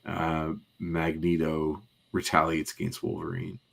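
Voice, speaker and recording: With a monotone bass voice, vocal fry and a fairly bright tone, a male podcast co-host unhurriedly recaps scenes in detail. His rambling recap is full of "um"s, fillers and asides.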